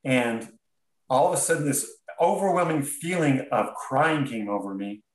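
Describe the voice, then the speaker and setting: A man in a podcast interview tells his own story in an earnest, halting way, often stopping and restarting his sentences. His voice sits at an ordinary middle pitch. The sound is roomy and comes from some distance off the mic. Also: animated. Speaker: podcast guest. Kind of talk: reflective storytelling.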